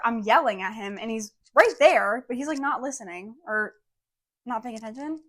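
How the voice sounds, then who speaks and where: A young woman co-hosting a podcast, telling a story in a casual, animated way and saying "like" often. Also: on the high side, normal speed. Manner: animated storytelling, heavy use of "like". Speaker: podcast co-host.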